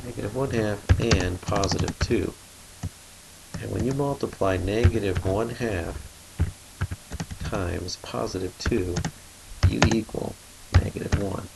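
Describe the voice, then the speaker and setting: Male math teacher, low gravelly voice, steady step-by-step screencast explainer. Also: unhurried, pauses often, heavy background noise. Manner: steady explaining, thinking aloud while drawing.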